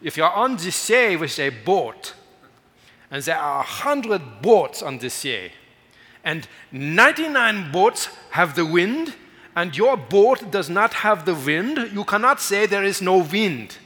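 A slow, booming German evangelist declaims each phrase with weight and a thick German accent, as a man puts him on. The voice sits higher than a plain speaking voice and rings bright. It carries a long church-hall reverb. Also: big pitch swings, heavily acted. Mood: emphatic.

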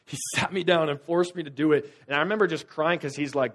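A young man preaching a sermon in a conversational storytelling way, swinging from loud, urgent bursts to quiet, low-voiced confiding. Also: fast talker, few pauses. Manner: conversational storytelling with casual fillers.

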